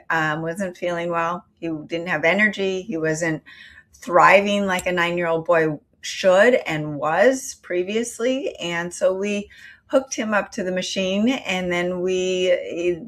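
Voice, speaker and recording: A middle-aged woman with a slightly low voice tells her story in an interview. She speaks earnestly and plainly, and she pauses on fillers now and then as she answers. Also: fairly bright tone. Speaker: company founder.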